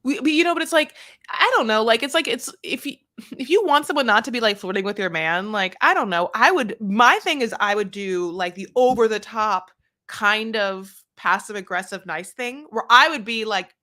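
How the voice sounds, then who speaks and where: A woman's voice: on the high side, animated, moderate pace, pushed and bright. A woman co-hosting a casual podcast chat, thinking aloud with restarts and fillers before landing on firm opinions. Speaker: podcast co-host.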